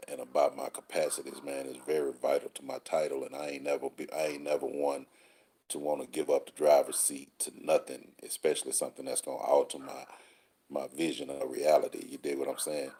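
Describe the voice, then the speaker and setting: A man with an extremely low, husky voice talks easily to his listeners. His tone is mellow and dark, and he drawls through street slang and little rhyming sayings. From Texas. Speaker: call-in show host. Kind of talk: casual monologue answering listeners.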